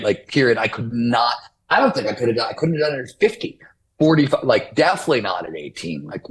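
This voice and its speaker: A man's voice: lowish voice, low-quality recording. A man in his fifties, a guest author in an interview, talking casually and rambling with many restarts. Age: 50s.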